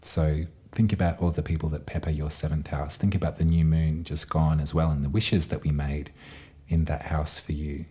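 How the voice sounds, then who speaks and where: A man giving a gentle, meandering tarot and astrology reading to his viewers. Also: a bass voice, little pitch movement, moderate pace. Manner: gentle, meandering, with frequent fillers. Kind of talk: casual tarot reading to camera.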